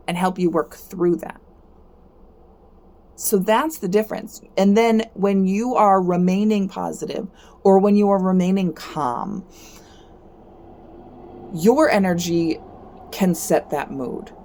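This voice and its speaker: A woman with a slightly low voice talks casually and encouragingly, like a host chatting on her stream. She repeats phrases and tags "right?" onto nearly every point. Her pitch leaps when she gets worked up. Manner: keeps asking "right?", repeats herself, rises sharply when animated. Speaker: host of a card-reading stream. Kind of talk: casual motivational talk.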